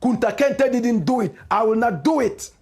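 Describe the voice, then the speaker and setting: A man with a high voice and a Ghanaian English accent hosts a political commentary show. He preaches with passion, driving each point home through repeated rhetorical refrains. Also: lively intonation, normal speed, darkish tone. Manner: impassioned, preachy, repetitive rhetorical cadence. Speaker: radio and online show host.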